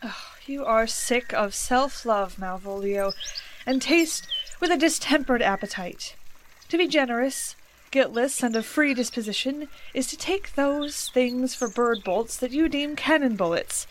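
An actress playing a proud young noblewoman in Elizabethan stage style, measured and commanding. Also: high voice, expressive, a little hiss or hum.

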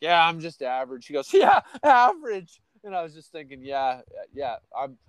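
A man's voice: mid-range voice, no room sound. A middle-aged man hosting a podcast, rambling through crude, profane stories in casual chat. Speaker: podcast host.

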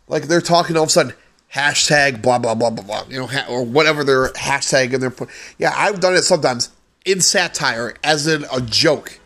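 A man's voice: on the high side, fairly bright tone. A man hosting a solo podcast, ranting with lots of profanity in an exasperated way. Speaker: podcast host.

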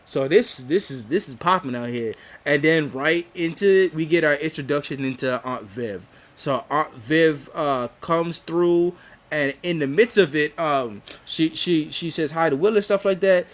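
A man's voice: a little high, unhurried. A man co-hosting a podcast, recapping a show episode in casual, profane talk, laughing often and restarting sentences. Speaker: podcast co-host.

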